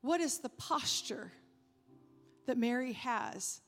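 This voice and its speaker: A woman preacher delivering a sermon, emphatic, rising when animated and dropping soft to stress a point. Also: fairly high pitch, takes it slowly. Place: church sanctuary. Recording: reverberant hall with faint music.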